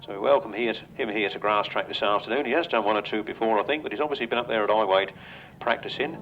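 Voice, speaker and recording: An older English man announcing riders and calling a grasstrack race over a loudspeaker at an outdoor track, chatty and joking with the riders. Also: on the low side, quick pace, a little hiss or hum. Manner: chatty, jokey, banters with riders. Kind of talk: live grasstrack commentary over a PA. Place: outdoor racetrack. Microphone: public address microphone. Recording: dull lo-fi outdoor recording.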